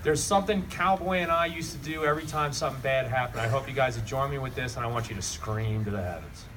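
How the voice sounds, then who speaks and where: A man's voice: mid-range voice, fast talker. Man giving a heartfelt eulogy, distant. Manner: rambling, heartfelt, blunt and casual. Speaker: eulogy speaker at a memorial. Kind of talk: emotional eulogy to a crowd. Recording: distant mic with noisy ambience.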